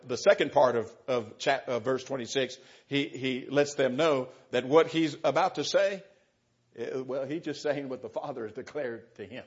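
Man teaching scripture on a dull, lo-fi recording. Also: mid-range voice. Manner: conversational, explaining with rhetorical questions. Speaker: Bible teacher. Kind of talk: verse-by-verse Bible teaching.

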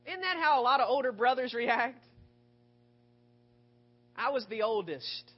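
A male preacher giving a sermon, retelling scripture with rhetorical questions and expressive storytelling. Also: very high-pitched, measured pace. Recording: dull lo-fi recording.

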